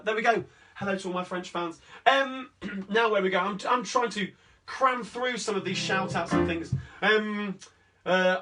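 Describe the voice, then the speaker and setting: Between songs at a live-streamed sing-along he hosts, a high-pitched man with a Cockney accent rambles cheerfully through requests and shout-outs. The mic is distant, and guitar playing can be heard.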